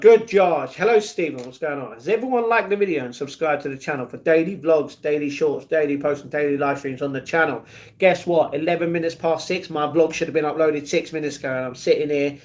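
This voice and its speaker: Chatty British man, slightly high voice. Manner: chatty, laughs often, answers viewers by name. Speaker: live streamer. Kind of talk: casual live-stream chat, reading chat messages.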